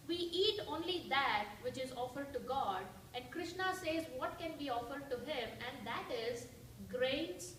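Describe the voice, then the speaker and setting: A woman with a high, fairly bright voice speaks as a guest at a church, delivering a devotional talk in which she tells a story and poses questions to the audience. She is recorded from a distance in an echoey church hall, with slight background noise.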